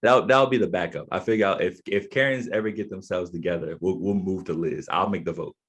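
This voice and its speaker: Deep husky laid-back man. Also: a little fast, fairly bright tone. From Eastern Shore, USA. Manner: laid-back, slangy, repeats words. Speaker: podcast host. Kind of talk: casual chat.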